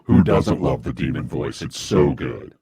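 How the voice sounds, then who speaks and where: A deep, growling demon voice, pushed far down by a voice changer, as a man plays with it on air. The tone is dark and muffled, and it plays its menace for laughs. The sound is dry and close. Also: animated, measured pace, husky, no room sound, heavily acted. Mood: mock-menacing. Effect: pitched-down voice changer.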